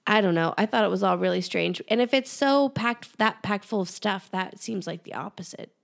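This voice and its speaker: A woman co-hosting a podcast whose voice carries a noticeable gravelly fry. She chats in a relaxed and agreeable way, dropping dry remarks as she goes. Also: mid-range voice, brisk. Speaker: podcast co-host. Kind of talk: casual chat recapping a TV episode.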